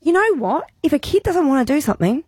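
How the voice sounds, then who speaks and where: A woman's voice: high-pitched, very animated, fast talker, darkish tone, no echo, studio quality. Frank woman on the radio. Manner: frank, opinionated. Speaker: radio co-host. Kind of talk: casual chat.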